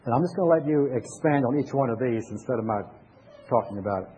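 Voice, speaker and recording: An older man, a pastor with grandchildren, giving a conversational sermon full of pauses and restarts. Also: medium pitch, lively intonation, dark tone, slight background noise, rough recording.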